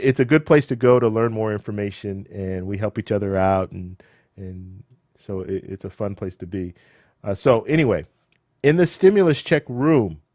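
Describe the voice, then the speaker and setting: A man hosting a live show, who says he is losing his voice. He talks in a casual, animated way, with rhetorical questions, repeated words and restarts. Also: on the low side, dry recording. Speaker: livestream host. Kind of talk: casual live commentary and chat Q&A.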